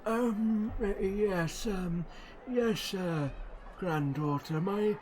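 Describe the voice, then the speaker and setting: A man's voice: high voice, drawn-out words, darkish tone, a little hiss or hum, pitched above the performer's own voice. A man voicing a very old, forgetful gnome tinkerer who sells clockwork toys, speaking in a quavering, hesitant way full of ums and uhs. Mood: doddering.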